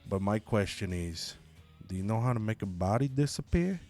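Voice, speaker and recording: A man voicing a nervous mobster wrestler who talks gruff and hushed. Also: fairly low pitch, expressive, normal speed, soft background music, voice pushed down.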